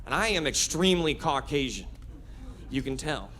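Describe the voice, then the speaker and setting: Guy doing standup in a club, high voice, lively and chatty with the crowd. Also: normal speed, a little hiss or hum. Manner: energetic, conversational, frequent laughs and restarts. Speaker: stand-up comedian. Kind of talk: stand-up comedy set with crowd work. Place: comedy club stage.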